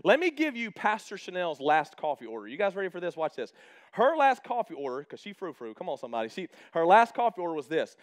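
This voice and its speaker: A man's voice: sits high, very animated, fast. A man in his thirties preaching a casual sermon as a pastor, chatty and humorous, acting out quoted exchanges in his stories.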